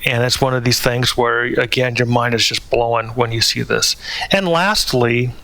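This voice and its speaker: Man, gravelly voice, bright tone, hesitant commentary full of fillers, dry close sound. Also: mid-range voice, a little slow, no room sound. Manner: hesitant, many fillers and restarts. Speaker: channel host. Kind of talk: spoken commentary.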